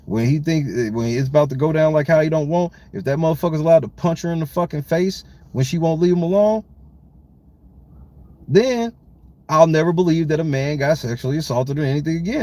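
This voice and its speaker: A man hosting a podcast, talking bluntly and profanely in casual commentary and slowing down to stress his points. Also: on the high side, mellow. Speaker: podcast host.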